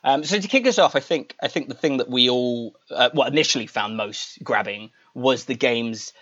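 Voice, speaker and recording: A young man hosts a casual podcast chat in a voice of middling pitch. He leads the talk in an easygoing, chatty way and pokes fun at his own show. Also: normal speed, fairly bright tone, muffled recording. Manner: chatty, self-deprecating, leads the discussion. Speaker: podcast host.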